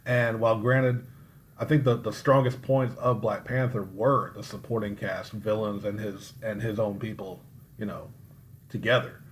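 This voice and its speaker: A man with a lower voice joins a casual podcast roundtable, thinking his points through. A faint background noise sits under his speech. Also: fairly even intonation, normal speed.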